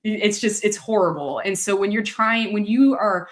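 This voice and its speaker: A woman author chatting on a video call, telling stories with lots of laughter and animated bursts. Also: medium pitch, moderate pace. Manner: animated storyteller, laughs often. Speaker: author guest. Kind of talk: casual video chat.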